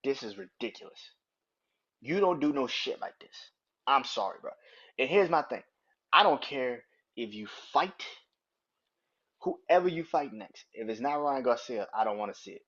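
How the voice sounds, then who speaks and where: A man's voice: medium pitch, lively intonation, moderate pace, long pauses, a bit bright, breathy edge. A man hosting a solo sports podcast, ranting in a heated, profane, emphatic way. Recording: dull lo-fi recording.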